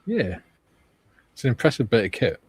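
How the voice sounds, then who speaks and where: A man's voice: medium pitch, very animated, moderate pace, breathy edge, no room sound. Chatty man reading viewer comments. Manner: reads viewer comments aloud, chatty and laughing. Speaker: livestream host reading chat. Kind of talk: casual livestream chat.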